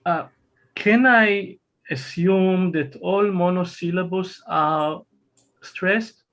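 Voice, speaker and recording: Hesitant, high-voiced male student. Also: slow, fairly bright tone. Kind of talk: asking questions in class.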